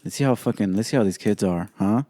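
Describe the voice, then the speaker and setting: A man hosts his own podcast alone, his voice pitched low with a warm, mellow tone. He talks bluntly and swears freely, firing off strong opinions. The recording is dry and close. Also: fast, dry recording. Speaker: podcast host. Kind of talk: casual solo podcast commentary.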